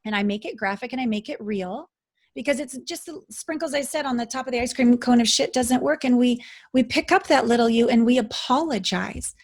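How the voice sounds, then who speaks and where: A woman's voice: on the high side, a little fast. A middle-aged woman talking as a guest coach in a casual interview, emphatic and dramatic.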